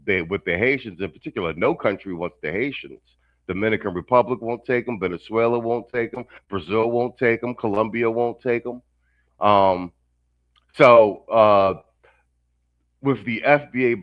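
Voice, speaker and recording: Brief: male panel host, measured political commentary with fillers, lo-fi audio. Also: on the low side, no room sound. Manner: measured, halting with many fillers.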